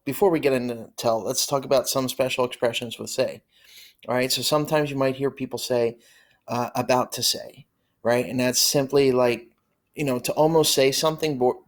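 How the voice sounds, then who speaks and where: A man teaching an online English grammar lesson, explaining slowly and often checking in with "okay?" and "right?". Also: medium pitch.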